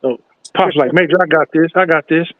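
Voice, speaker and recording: A man with a high voice tells a story in a lively way and plays the other people's voices. The sound is tinny and dry, like a phone line. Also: a little fast, no room sound. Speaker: podcast host. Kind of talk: casual storytelling.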